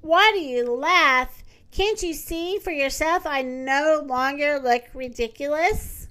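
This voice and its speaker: An earnest, self-conscious female hippopotamus from a storybook, voiced by a woman reading aloud. She speaks slowly and plaintively, in a bright, high and lively voice. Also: full character voice.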